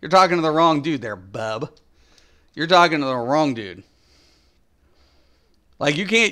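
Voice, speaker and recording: A male game streamer holds forth to his chat in a blunt, swear-heavy rant. His voice sits a bit high and has a bright, forceful edge. He sounds casual and combative as he talks. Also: unhurried, long pauses, clear, resonant tone. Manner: blunt, profane, ranting.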